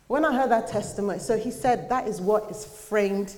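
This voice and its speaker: A woman's voice: mid-range voice, moderate pace, hardly any pauses, a little mellow. Woman preaching in an echoey church hall. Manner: earnest, conversational preaching with fillers. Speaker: church speaker. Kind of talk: sermon.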